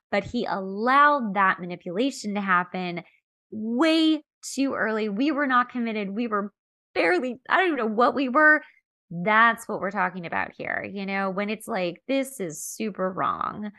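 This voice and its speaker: A woman co-hosting a podcast in casual chat, talking in a chatty, animated way and acting out quoted lines. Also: mid-range voice, no echo. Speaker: podcast co-host.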